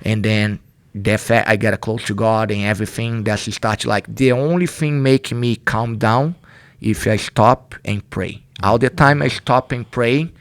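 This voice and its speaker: Earnest Brazilian-accented man, low voice. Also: steady tone, unhurried, dry recording. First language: Portuguese. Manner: earnest, non-native grammar, emphatic repetition. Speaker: podcast guest, jiu-jitsu instructor. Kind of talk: candid personal story in conversation.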